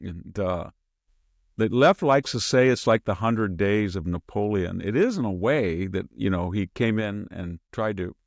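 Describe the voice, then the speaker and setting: A man hosting a podcast, giving casual political commentary as an animated storyteller who slips into mimicking the people he quotes and chuckles mid-sentence. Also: fairly low pitch, a little slow, dry recording, studio quality. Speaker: podcast host.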